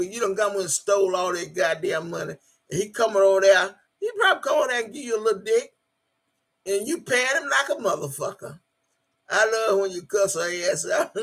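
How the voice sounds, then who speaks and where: A woman hosting a live stream, cursing and taunting loudly while reading chat comments aloud. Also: mid-range voice, slightly rough. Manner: cursing, taunting, loud outbursts. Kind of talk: profane live-stream rant.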